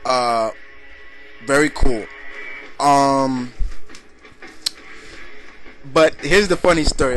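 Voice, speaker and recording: A man's voice: medium pitch, a bit bright. A young man hosting a casual video blog, answering viewer questions in a rambling way with many fillers and restarts.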